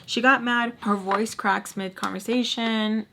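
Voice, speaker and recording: A woman's voice: a little high, fairly even intonation, measured pace, creaky, bright, forceful tone, a little hiss or hum. Young woman, storytime vlogger, casual, chatty, lots of likes and restarts. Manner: voices others in quoted bursts. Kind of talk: casual storytelling while doing makeup.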